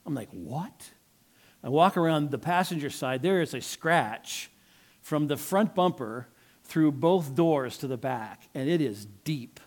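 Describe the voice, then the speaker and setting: An older man preaching a sermon, telling a personal story and acting out the quotes with animated emphasis. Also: fairly high pitch, a little slow. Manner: storytelling, animated, acts out his own quotes. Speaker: pastor.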